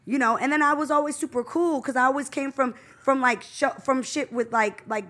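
A woman in her thirties holds forth as a guest on a podcast, loud and animated, often talking over the others. Her voice sits a bit high and has a bright, sharp edge. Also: fairly quick. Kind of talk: casual podcast chat.

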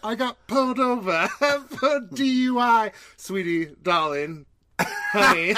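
A man's voice: high voice, sing-song, slow, sharp tone, pitched above the performer's own voice, exaggerated voice. A podcast host voicing a man with a jokey put-on British accent, hammy and giggling as he tells a gag. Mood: playful. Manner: hammy, giggling through the bit.

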